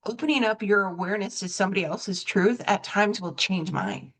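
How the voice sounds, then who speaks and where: A woman's voice: medium pitch, a little fast, fairly bright tone. A woman hosting a coaching podcast, reflective and self-correcting, telling stories and acting out both sides of the dialogue. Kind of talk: conversational interview.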